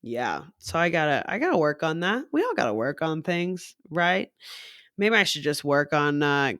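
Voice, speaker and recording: A woman's voice: deep voice, very animated, normal speed, a bit bright, no room sound, studio quality. A young woman who works in a coffee shop, talking in a rambling casual monologue, swearing freely and laughing often.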